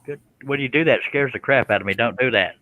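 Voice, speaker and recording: A man's voice: mid-range voice, fast, narrow, tinny audio, slight background noise. A man hosting a live stream in a casual, joking chat, reading out viewer comments. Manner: joking, chuckles, does silly animal noises.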